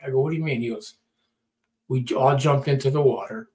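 A man's voice: mid-range voice, brisk, darkish tone. A middle-aged man telling a story in casual talk, acting out quotes and often repeating words. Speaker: podcast storyteller.

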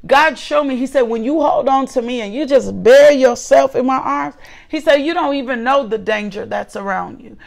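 A woman's voice: sits high, normal speed, creaky. A woman in her forties reading scripture and preaching a devotional message, fervent and repeating her phrases. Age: 40s. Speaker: host and preacher.

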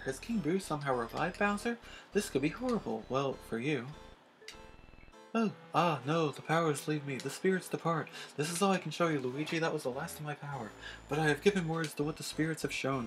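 A man raises his voice to play a grandiose female ghost fortune teller from a video game. She chants and swoons over her crystal orb in a high, theatrical register, full of melodrama. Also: lively intonation, a little fast, fairly bright tone, faint music behind. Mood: dramatic. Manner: melodramatic, incantatory.

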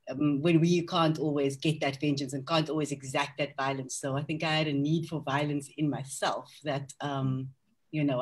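A woman's voice: sits low, slightly rough. A woman author on a panel discussion, speaking candidly and reflectively about her novel, with frequent ums and restarts. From South Africa.

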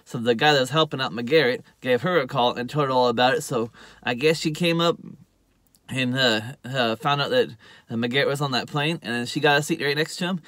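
A man recapping a TV episode in a casual, rambling way. He fills his speech with "uh" and "you know" and acts out quoted lines louder and higher. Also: fairly quick, dry recording. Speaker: TV show reviewer.

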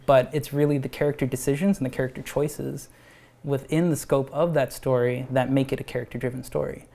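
A man, an animator pitching his own cartoon at a live event, talking in a rambling, animated way with frequent restarts and laughs. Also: brisk, vocal fry. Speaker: animator and show creator.

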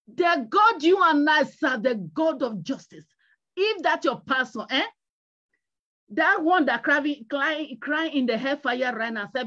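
A high-pitched woman evangelist preaches a sermon, driving her points home through repetition and pleading exhortation. The recording sounds dull and lo-fi. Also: expressive, moderate pace, a bit bright.

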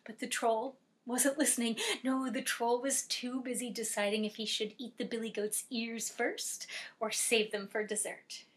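A woman storyteller telling a folk tale to families, dramatic, swelling loud and dropping soft. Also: on the high side, level tone, normal speed. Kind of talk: lively oral storytelling for families.

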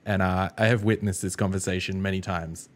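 Young aussie guy hosting a reaction vid, lowish voice, chatty and kinda stumbly. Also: steady tone, brisk. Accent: Australian. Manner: chatty, stumbling over words. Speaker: reaction video host. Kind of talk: casual chat.

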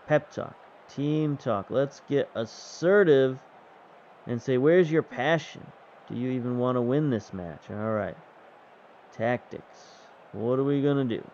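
Male gaming host, relaxed play-by-play, dry humor; muffled home recording. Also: medium pitch, a little hiss or hum. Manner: wry, chatty, self-mocking. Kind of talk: casual play-by-play game commentary.

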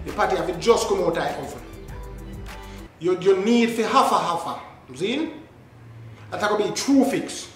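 A man's voice: high-pitched, normal speed, pauses often, a bit bright. A Jamaican man hosting a reaction video, giving comic commentary in a mock-outraged patois rant. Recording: echoey room with faint music.

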